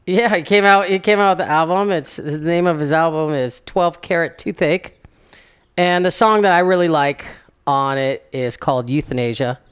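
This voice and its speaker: A man's voice: fairly high pitch, moderate pace, a bit bright, clean tone. A young man co-hosting a podcast in casual chat, rambling, restarting sentences and laughing often. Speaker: podcast co-host.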